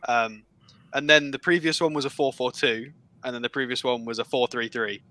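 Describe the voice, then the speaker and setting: A man's voice: mid-range voice, steady tone, a little fast, sharp tone, no room sound. A man co-hosting a live fan stream, walking through match tactics in a matter-of-fact way. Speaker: co-host. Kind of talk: casual live-stream chat.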